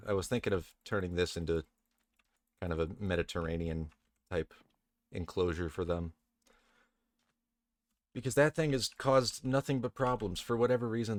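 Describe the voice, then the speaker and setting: A man with a deep, low voice narrates his gameplay in a laid-back, chatty way. He talks to the characters on screen and drops the occasional curse. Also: no room sound. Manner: casual, chatty, swears, talks to game characters. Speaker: let's play host. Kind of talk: relaxed gameplay commentary.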